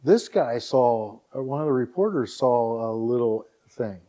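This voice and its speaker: A middle-aged man from Northeast Ohio tells a story as a guest on a podcast. His voice is warm and mellow and sits in a middle pitch. He is animated and keeps acting out the lines of the people in his story. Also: measured pace. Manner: animated anecdote teller who acts out dialogue and keeps repeating "all of a sudden". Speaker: podcast guest, website founder. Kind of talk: casual storytelling interview.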